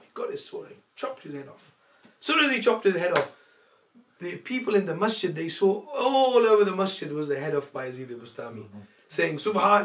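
A man teaching a religious class, with a voice sitting a touch above the usual male range. He tells stories and throws himself into the quoted lines, bursting out loud and high. The room around him rings with echo. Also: animated, moderate pace, slight background noise. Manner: acts out quoted dialogue with sudden loud, high outbursts. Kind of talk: storytelling religious lecture. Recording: echoey room.

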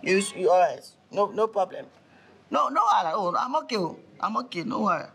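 A man plays a flustered, broke man begging over the phone. He stammers and repeats himself, his voice very high and lively, with a bright, sharp edge. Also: moderate pace, creaky, exaggerated voice. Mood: pleading. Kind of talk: comedy skit acting.

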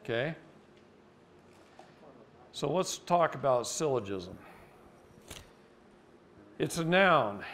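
A man's voice: a little high, a little hiss or hum. Folksy middle-aged man giving a seminar talk. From Oregon. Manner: folksy, animated, mocking voices in anecdotes. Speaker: seminar speaker. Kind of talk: live seminar talk with storytelling. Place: seminar room.

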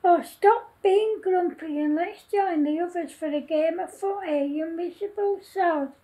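A cheeky schoolboy in a storybook, voiced by a woman teases his friend in a joshing, blunt way. The voice is very high, slow and mellow.

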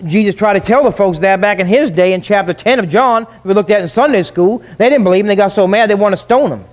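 A man preaches in a high, ringing voice. He is emphatic, leans on rhetorical questions, and pauses to let points land. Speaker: pastor. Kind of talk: sermon.

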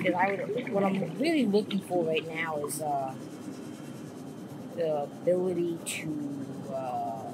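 A woman's voice: lowish voice, very noisy. A woman giving casual, rambling commentary while playing a game, swearing and getting jumpy at scares. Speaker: gaming YouTuber.

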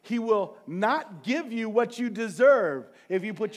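Pastor guy preaching, high voice, gets loud then drops to quick quiet asides. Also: expressive. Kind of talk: sermon. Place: church sanctuary.

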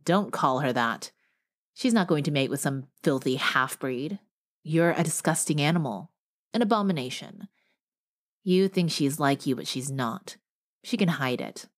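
A woman's voice: deep voice, expressive, a little slow. A woman voicing a furious, bigoted young man who sneers insults, in an audiobook. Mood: hostile.

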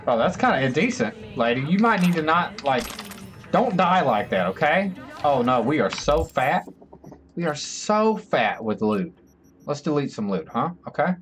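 A man streaming a video game live, talking to his chat in an excitable, joking, chatty way. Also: a little high, moderate pace, slight background noise. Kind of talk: live gameplay commentary.

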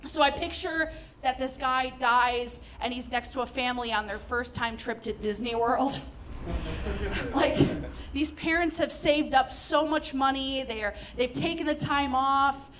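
A young woman performing a stand-up comedy set, telling stories with animated, sarcastic asides. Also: high voice, measured pace, a little hiss or hum.

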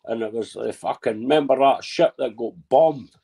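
A man in his fifties telling rambling anecdotes with a gravelly voice and constant swearing. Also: mid-range voice, normal speed, mellow. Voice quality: gravelly and husky. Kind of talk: rowdy casual storytelling.

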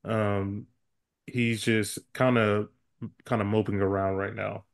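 A man's voice: on the low side, flat delivery, takes it slowly, creaky. A man narrating as game master of a tabletop role-playing game, describing scenes loosely and laughing often.

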